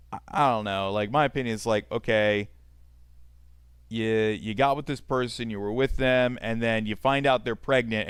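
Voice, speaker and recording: A man's voice: mid-range voice, smooth, no room sound, studio quality. A man streaming a game, chatting casually and swearing often as he reads chat aloud and rambles. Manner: profane, rambling, talks to chat.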